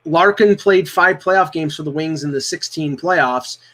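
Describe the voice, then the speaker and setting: A man's voice: on the high side, unhurried, a bit bright. A man co-hosting a casual hockey podcast, with a dry, sarcastic way of talking. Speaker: podcast co-host.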